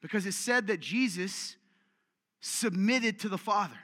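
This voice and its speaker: A man preaching a sermon as pastor, direct and energetic, with rhetorical questions and self-deprecating humor. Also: high-pitched, a little slow. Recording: long reverberant hall.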